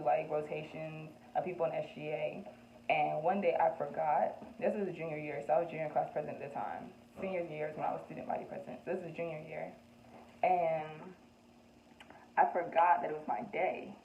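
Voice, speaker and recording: A woman's voice: sits low, creaky. Chatty young woman, tinny and echoey. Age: young adult. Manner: chatty and candid, laughs often, fillers like "like" and "um". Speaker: vlogger answering get-to-know-me questions. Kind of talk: casual chat. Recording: echoey room, tinny phone-like sound, faint background noise.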